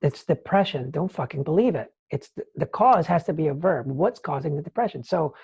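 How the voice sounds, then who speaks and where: A man, a nonprofit founder, talking as an interview guest and acting out scenes in a lively, casual storytelling way. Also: on the high side, fairly quick, gravelly, slightly rough, muffled recording. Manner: animated, acts out scenes, many "like"s.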